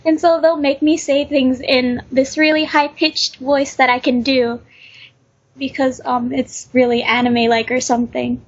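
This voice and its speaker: Teen girl interviewee, high and unsure, on a dull lo-fi podcast line. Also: little pitch movement, measured pace. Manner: hesitant, lots of ums. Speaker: guest, aspiring voice actor. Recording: dull lo-fi recording.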